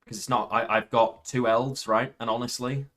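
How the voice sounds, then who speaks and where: A man talking through his own card game as he plays, half to himself, working out moves and counting points. His voice is bright and forceful, sitting at an ordinary middle pitch. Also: steady tone, normal speed. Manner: thinks aloud, counting points under his breath. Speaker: gaming YouTuber.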